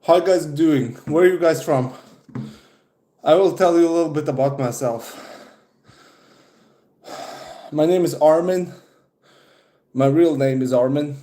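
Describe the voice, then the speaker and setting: A man's voice: fairly high pitch, moderate pace, pauses often, mellow, roomy sound. A young man from Serbia chatting casually on a livestream, out of breath after push-ups and swearing often. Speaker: streamer.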